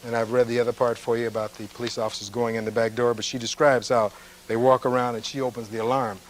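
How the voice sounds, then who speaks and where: A man delivers a closing argument to a jury in a courtroom, speaking at an ordinary middle pitch. He reads testimony aloud from a transcript, then turns on it with pointed rhetorical questions. A faint hum of noise sits under his voice. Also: little pitch movement, quick pace, low-quality recording. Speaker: defense attorney.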